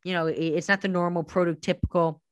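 A man co-hosting a casual sports podcast, animated and heavy on statistics. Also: high-pitched, quick pace, clean tone, dry recording. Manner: stat-heavy, animated, jokingly does an impression. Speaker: podcast co-host.

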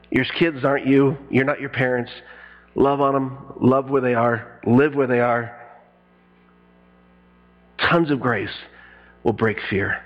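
Animated preaching man, lo-fi sound. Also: mid-range voice. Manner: animated preaching with acted-out quotes and sudden loud bursts. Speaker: pastor. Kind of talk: sermon.

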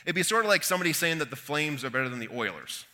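Bright-voiced Canadian man preaching casually. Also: a little high, very animated, rapid-fire. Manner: conversational storytelling with quoted voices; folksy asides. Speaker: pastor. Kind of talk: sermon.

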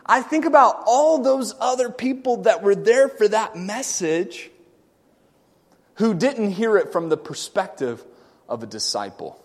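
A man preaching a sermon, swinging from loud shouting to quiet, joking asides with the congregation. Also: high voice, animated, unhurried, in a large hall.

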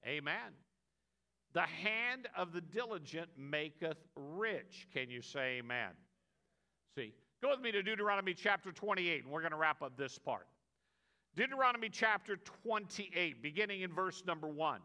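Pastor, man in his sixties, high bright voice, emphatic sermon delivery. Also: animated, moderate pace. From United States. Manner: emphatic preaching, repeated "amen" calls.

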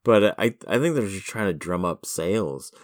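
A wry man in casual podcast chat who laughs often. His low voice moves in lively swoops. The recording is dry and close. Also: moderate pace, dry recording. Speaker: podcast co-host.

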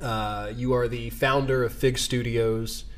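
A man's voice: medium pitch, fairly even intonation, measured pace. A man hosting a casual podcast, talking in a rambling, self-deprecating way with many restarts. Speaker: podcast host. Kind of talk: casual chat.

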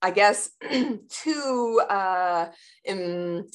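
A woman talking in a casual interview, explaining her work with athletes in a lively way, often acting out what her clients say and laughing. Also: medium pitch, very slow. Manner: animated, acts out clients' voices, laughs often. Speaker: sports performance practitioner.

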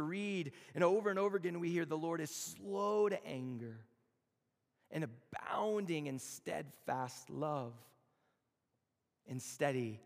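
A man's voice: a little high, creaky. A man in his thirties preaching a conversational, storytelling sermon to a room of students. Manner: storytelling, conversational, with slow emphatic phrases. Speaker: campus chapel speaker. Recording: long hall reverb.

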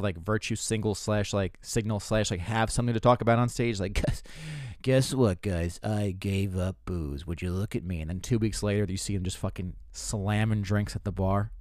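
Rambling, profane young comedian. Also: male voice, on the low side, a little mellow, no room sound, clean studio sound. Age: 20s. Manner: rambling, profane, self-mocking storytelling with frequent restarts. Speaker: comedian podcast host. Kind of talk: casual comedic monologue.

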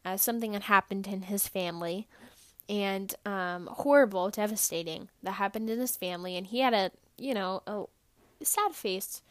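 A young adult woman hosting a podcast, telling stories in an animated, bubbly and earnest way. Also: mid-range voice, moderate pace, no room sound. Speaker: podcast host. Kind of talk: upbeat motivational podcast talk.

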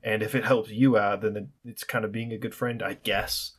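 A man's voice: fairly low pitch, steady tone, moderate pace, breathy edge. A young man ranting alone on his podcast, sarcastic and profane, rambling with restarts. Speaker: podcast host. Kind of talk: solo podcast rant.

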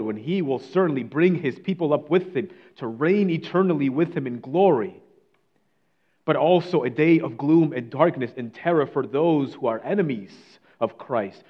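A man preaching a sermon, reading scripture and telling a story, swinging between bold declaiming and hushed, almost whispered passages. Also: fairly high pitch, muffled recording.

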